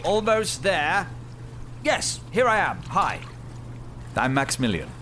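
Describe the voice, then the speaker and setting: A chirpy, sing-song damned man, voiced by an actor, chats from the bottom of an icy pond as if nothing were wrong. His pitch swoops up and down, and a steady hiss of noise sits under the audio drama. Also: slow, heavily acted. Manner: nonchalant, chatty. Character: cheerful man chained underwater in hell.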